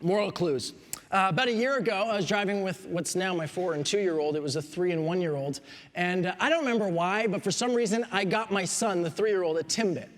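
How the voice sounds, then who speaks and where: High-voiced joking male pastor. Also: a little fast, long reverb tail. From Quebec. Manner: joking, lively asides. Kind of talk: sermon. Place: church.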